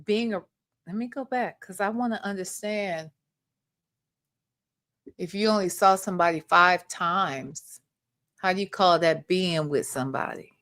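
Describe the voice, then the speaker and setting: Woman, livestream host, blunt, profane commentary, bright forceful voice, dry close sound. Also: lowish voice, a little slow, long pauses, no room sound. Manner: blunt, profane, talks back to the audio. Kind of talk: casual commentary on played recordings.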